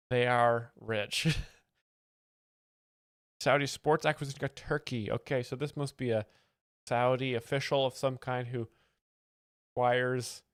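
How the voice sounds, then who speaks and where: A man's voice: mid-range voice, a bit bright, clean tone, dry recording. A male host giving dry, mock-analytical commentary on a comedy clip. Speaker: host explaining jokes.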